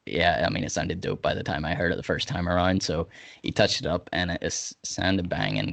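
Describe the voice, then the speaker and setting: A man's voice: low-pitched, gravelly. A man hosting a music podcast in loose, laughing casual chat, swearing freely. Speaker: podcast host.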